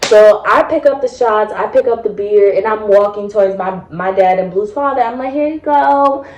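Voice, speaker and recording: A woman's voice: medium pitch, normal speed, darkish tone. A woman telling a funny personal story in a casual, chatty way, swearing freely and adding asides to the listener. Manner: chatty, profane, dramatic retelling with asides. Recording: roomy echo.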